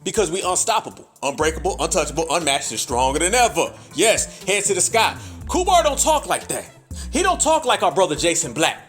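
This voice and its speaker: Male podcast host, high and animated, punchy sermon-style cadence, salty language, faint music bed. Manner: emphatic, preacher-like cadence with profanity; mimics other voices in quick asides. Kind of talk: animated commentary monologue.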